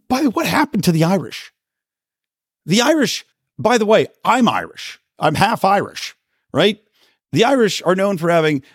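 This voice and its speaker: Sarcastic man, lively pitch. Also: no room sound, studio quality. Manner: sarcastic, emphatic, occasional swearing. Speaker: political commentary host. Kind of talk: opinionated solo commentary.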